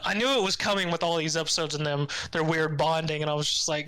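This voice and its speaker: A man's voice: sits high, normal speed, fairly bright tone, clear, resonant tone, no room sound, low-quality recording. A man co-hosting a podcast, casually recapping an anime episode and acting out the characters' lines with sarcastic asides. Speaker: podcast co-host.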